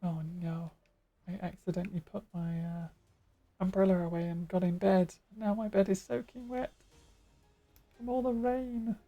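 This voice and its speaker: A woman's voice: medium pitch, fairly even intonation, moderate pace, pauses often, muffled recording. A woman game streamer chatting casually and making chatty, self-mocking asides while she plays. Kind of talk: casual live-stream chat.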